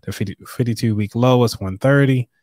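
A man with a mid-range, slightly mellow voice speaks fairly quickly, recorded dry with clean studio sound. He hosts a casual finance livestream, chatting to viewers with lots of fillers while light music plays behind him.

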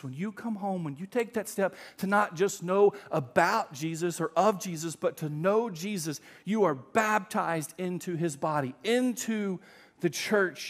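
A middle-aged male pastor preaching a sermon, telling a story with emphatic swings between loud and quiet. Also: sits high.

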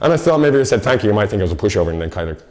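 A man's voice: on the low side, very animated, rapid-fire, darkish tone. A man, co-presenting a local TV show and telling a rambling, self-mocking comic story.

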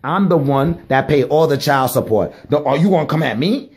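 Man, husky voice, lively swooping pitch, slangy comic commentary, mock judge. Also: fairly quick, hardly any pauses. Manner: slangy street talk, mock mediator; scolding, animated outbursts. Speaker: comedic vlogger. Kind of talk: comic running commentary to dogs.

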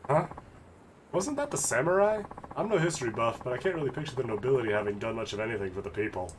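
A man's voice: medium pitch, expressive, fast, background noise, lightly acted. A man voicing an exasperated, blunt man who mocks and ribs the person he talks to. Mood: sarcastic. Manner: sarcastic, mocking.

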